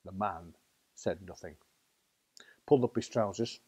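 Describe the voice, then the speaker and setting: This storyteller is an English man with a Staffordshire accent, giving a children's story a playful, theatrical telling. His voice is low, dark and slightly rough, at a measured pace.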